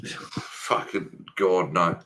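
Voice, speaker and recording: A man's voice: low voice, fairly even intonation, drawn-out words, sharp tone, in a whisper. Swearing, easygoing Australian man. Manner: swears freely, loose and joking. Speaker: guest on a livestream chat. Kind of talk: casual chat.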